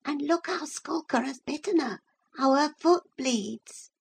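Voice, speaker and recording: A woman reading aloud and voicing a timid, well-bred young boy who speaks in a hushed way. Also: medium pitch, normal speed, natural voice.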